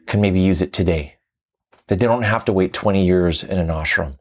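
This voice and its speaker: A man who teaches tantra, telling his story in a reflective, animated interview. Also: low voice, moderate pace, slight background noise. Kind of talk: conversational interview.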